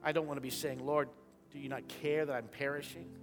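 A man preaching a sermon as pastor, shifting from quiet talk into sudden loud impassioned rises. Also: on the high side, little pitch movement, fairly quick, faint music behind. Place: church sanctuary.

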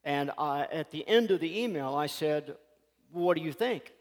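High-voiced man preaching in a reverberant hall. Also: normal speed. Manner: folksy, animated storyteller. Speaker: pastor. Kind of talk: sermon with storytelling.

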